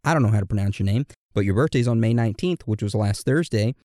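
A man co-hosting a podcast in casual chat, playfully reading out listener messages and birthday shout-outs. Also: lowish voice, lively intonation, quick pace, dry recording, studio quality. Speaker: podcast co-host.

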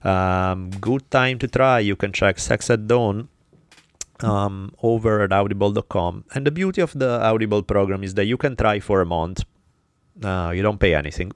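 Italian guy running a podcast, low voice, dry close sound, jokey and swears a bit. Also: normal speed, clear, resonant tone, no room sound. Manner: loose, joking, swears, stumbles over names. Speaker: podcast host. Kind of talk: casual podcast chat and sponsor reads.

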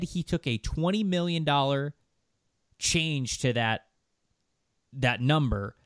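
A man's voice: mid-range voice, no room sound, studio quality. A man co-hosting a casual sports podcast, making emphatic points and firing rhetorical questions. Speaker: podcast co-host.

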